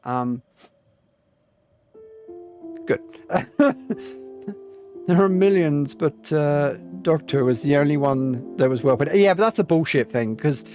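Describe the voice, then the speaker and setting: A man's voice: a little high, expressive, measured pace, pauses often, a little mellow. A man streaming a game and chatting with live viewers, rambling and reflective with lots of ums. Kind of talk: casual chat with live viewers while playing. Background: faint game music.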